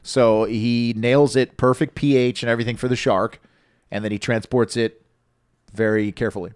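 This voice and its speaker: A man co-hosts a podcast, rambling through stories in casual conversation and swearing freely. His medium-pitched voice is clean with fairly even intonation and normal speed, recorded dry at studio quality.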